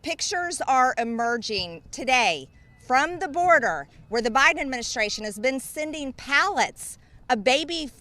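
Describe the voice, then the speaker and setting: Bright, sharp woman news presenter. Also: a little high. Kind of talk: scripted news commentary.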